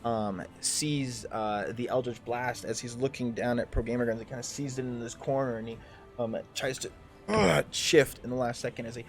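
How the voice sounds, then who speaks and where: A man's voice: mid-range voice, moderate pace, faint music behind. A man narrating a tabletop game as game master in a loose, rambling way, full of ums and restarts.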